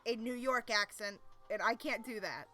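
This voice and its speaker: Bright-voiced woman streamer reading aloud. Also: a little high, moderate pace, faint music behind. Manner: chatty, laughs often, asides to chat. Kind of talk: casual live-stream reading.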